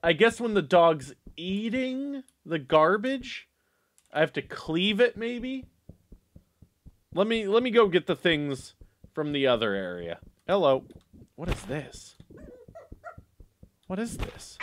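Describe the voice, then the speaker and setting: A man giving excitable let's play commentary, reacting loudly to a game as he plays. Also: high-pitched, slow, long pauses. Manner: excitable, yelps and shouts at the game. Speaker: gaming YouTuber.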